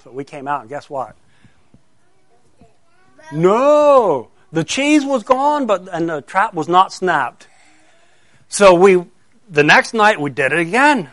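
Animated pastor telling children a story. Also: male voice, fairly high pitch, no room sound. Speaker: pastor giving a children's sermon.

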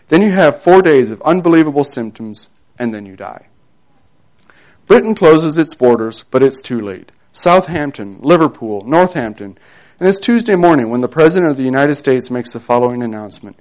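A preacher telling a dramatic second-person story in a sermon, dropping low and quiet on grave moments. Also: male voice.

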